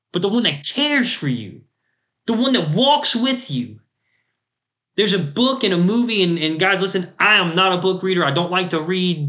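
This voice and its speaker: Male podcast host, preachy solo monologue, earnest and emphatic, voice sits a bit high. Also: fairly bright tone. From United States. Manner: earnest, emphatic, quotes scripture.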